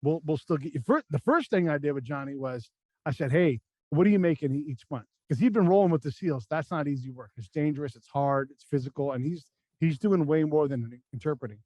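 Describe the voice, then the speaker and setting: An American man sits in as a podcast guest and spins blunt, profane war stories in a loose, casual way. He acts out the voices of the people in his tales. His voice sits a little higher than most men's, and it is recorded close and dry with no room sound. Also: animated, brisk, darkish tone, dry recording. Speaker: podcast guest, former army combat spy. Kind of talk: casual storytelling chat.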